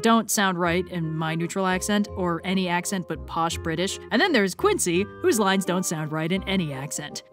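A woman's voice: fairly low pitch, expressive, moderate pace, hardly any pauses, soft background music. A woman giving a wry, sarcastic scripted narration for an educational video essay.

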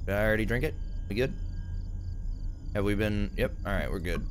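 A young man giving let's play commentary, excitable and easily startled, talking to himself as he plays. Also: on the low side, measured pace, long pauses, over music. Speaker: gamer.

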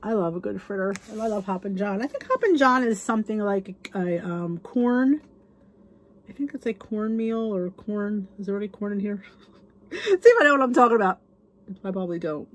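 A woman with a husky, slightly breathy voice chats casually through a cookbook on her channel. She reads recipe names aloud and gushes over the dishes, sometimes dropping to a whisper. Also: medium pitch, animated, moderate pace. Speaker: cooking channel host reviewing a cookbook. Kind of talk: casual chat.

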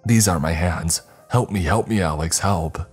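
A man's voice: a bass voice, moderate pace, darkish tone, breathy edge, soft background music. A man voicing a frightened young man who is losing his grip, panicked and pleading, breaking into screams, in a horror story. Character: frightened, unraveling young man haunted by a presence.

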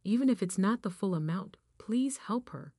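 A woman's voice: medium pitch, animated, normal speed, warm tone, no room sound, clean studio sound. A woman voicing a defensive adult man who pleads and demands, in her everyday voice. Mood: pleading.

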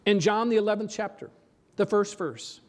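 A man's voice: high-pitched, normal speed, darkish tone. A pastor delivering an earnest sermon, asking his congregation for amens and repeating phrases for emphasis.

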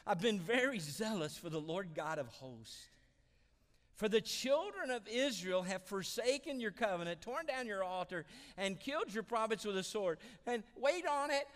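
A man's voice: sits high, a bit bright, in a large hall, voice pushed up, full character voice. A man voicing a whining, self-pitying male prophet in a sermon. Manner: whiny.

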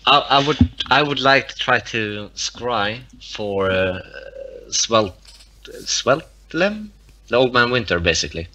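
A man's voice: mid-range voice, expressive, slow, bright, forceful tone, poor audio. A man with a Swedish accent playing at a game table, joking and defensive, laughing often. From Sweden. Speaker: player. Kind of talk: casual chat at a game table.

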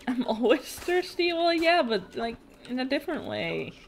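A woman's voice: high voice, sing-song, moderate pace, faint music behind. A young woman streaming a video game, chatting casually, swearing and laughing as she reacts to the play. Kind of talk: casual gaming stream chat.

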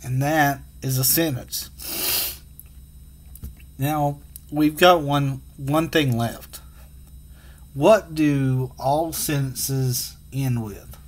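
Slow patient guy teaching kids phonics, sounds out letters one by one. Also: medium pitch, fairly even intonation. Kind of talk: phonics lesson for children.

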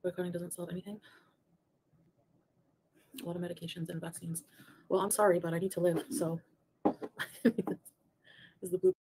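A woman's voice: lowish voice, fairly even intonation, normal speed, pauses often, dark tone, slight background noise. A woman on a played livestream clip, rambling and greeting viewers by name. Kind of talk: chatty livestream talk to viewers.

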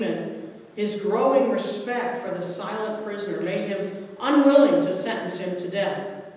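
High-voiced slow man reading aloud in church. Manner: deliberate, voices the crowd's shouts loudly. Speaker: scripture reader. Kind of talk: slow dramatic reading of the Passion story. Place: church sanctuary. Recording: echoey church heard from far off.

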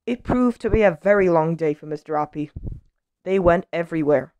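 A woman reading a children's picture book aloud in a gentle, expressive storytelling manner. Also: fairly low pitch, brisk, a little hiss or hum.

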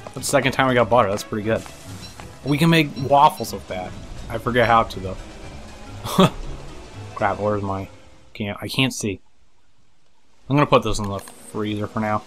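Bright-voiced man narrating gameplay. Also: lowish voice, normal speed, long pauses, soft background music. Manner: chatty, talks to game characters, swears, laughs. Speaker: gameplay commentator. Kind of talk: casual let's-play commentary.

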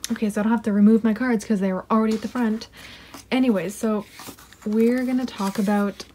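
A woman's voice: a little high, brisk, noisy background. Giggly woman gushing over an unboxing. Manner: excitable, giggly, gushing, drops to whispers. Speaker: unboxing vlogger. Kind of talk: casual unboxing chat. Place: home desk.

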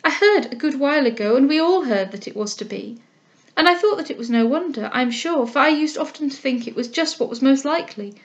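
A woman's voice: high-pitched, animated, a little fast, hardly any pauses, lo-fi sound, voice pushed up. A woman doing an eager, earnest young girl. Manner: eager and heartfelt, speaking up with spirit.

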